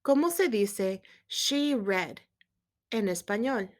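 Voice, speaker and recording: A woman teaching a Spanish lesson, quizzing viewers and gently checking their accent marks as she switches between English and Spanish. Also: mid-range voice, lively intonation, takes it slowly. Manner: asks quiz questions and gently checks accents. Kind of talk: recorded language lesson.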